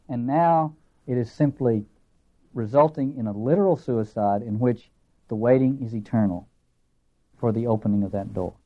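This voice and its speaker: Earnest Southern American man lecturing. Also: medium pitch. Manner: earnest, emphatic, swings between slow deliberate lines and quick asides. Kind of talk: literature lecture. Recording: dull lo-fi lecture recording.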